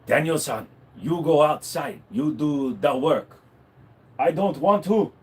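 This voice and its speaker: A man's voice: on the high side, animated, slow pace, breathy edge, full character voice. A man voicing an older male mentor in a put-on Japanese accent, speaking in clipped, broken sentences with a sly tone. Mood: scheming.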